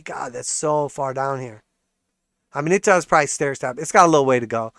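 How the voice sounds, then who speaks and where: Male market livestream host, sarcastic ranter, slightly high voice, dry close mic. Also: normal speed, a bit bright, no echo. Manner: sarcastic, profane, laughs often. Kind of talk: ranting livestream commentary.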